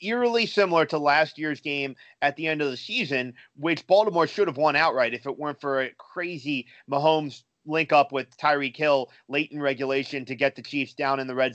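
A man co-hosting a sports betting show, talking through his pick in a measured way with frequent fillers. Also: medium pitch, fairly bright tone, no room sound, highs cut off. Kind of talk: casual sports betting talk.

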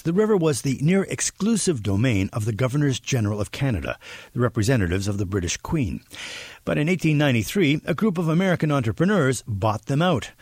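Husky, lively documentary narrator man. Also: medium pitch, dry recording. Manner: measured storytelling delivery.

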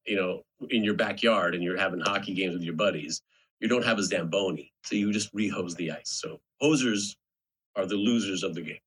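A man's voice: low voice, fairly quick, fairly bright tone, husky, rough recording. A middle-aged man from Alberta, Canada, hosting a podcast and telling rambling anecdotes in casual chat. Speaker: podcast host.

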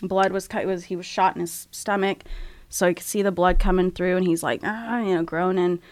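A woman's voice: lowish voice, fairly quick, dry recording. A middle-aged woman, an interview guest, telling a personal story candidly and acting out her own thoughts at the time. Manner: candid, animated when retelling, acts out her own quoted thoughts.

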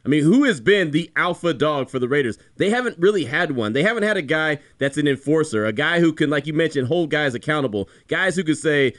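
A man co-hosting a sports talk radio show, emphatic and animated in his arguments. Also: a little high, a little fast, few pauses. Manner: emphatic, animated, repeats "you know what I'm saying".

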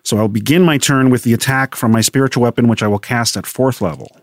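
A man at a mid pitch, playing in a tabletop game and calmly describing what his character does. He talks in a casual, wry way. His voice sounds dry and close to the mic. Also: fast, dry recording. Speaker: player.

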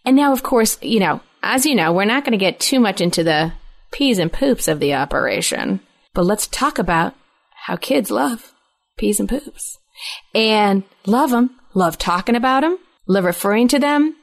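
A woman's voice: medium pitch, animated, normal speed, vocal fry. A woman in her thirties co-hosting a podcast, telling family stories in casual chat and laughing often as she talks. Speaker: podcast co-host.

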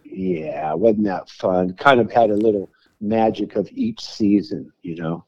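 A man's voice: on the low side, unhurried, a little mellow, breathy edge, no echo. A man hosting a casual chat, laid-back, with surfer slang and short reactions. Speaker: podcast host. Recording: dull lo-fi sound.

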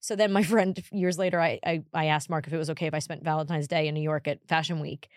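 A woman in her forties co-hosting a podcast, telling stories in a casual, animated way with bursts of exasperated emphasis. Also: sits low, quick pace, no echo, studio quality. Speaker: podcast co-host. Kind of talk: casual chat, storytelling.

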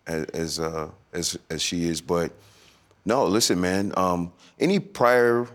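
A man in his forties speaking as a podcast guest, with a soft, smooth and melodic way of talking. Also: deep voice, slow. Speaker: guest, former NFL running back turned actor. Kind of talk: podcast interview.

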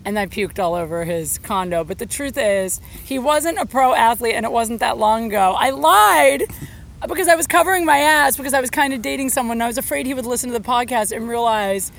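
A woman's voice: a little high, brisk, gravelly, fairly bright tone, a little hiss or hum. Candid, giggly woman podcast host. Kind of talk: casual podcast chat.

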